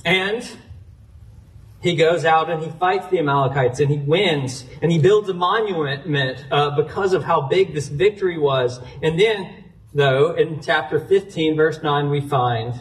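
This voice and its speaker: A man's voice: on the high side, unhurried, far from the mic, a little hiss or hum, poor audio. A man preaching a sermon, retelling a scripture story earnestly and citing chapter and verse as he goes. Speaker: pastor.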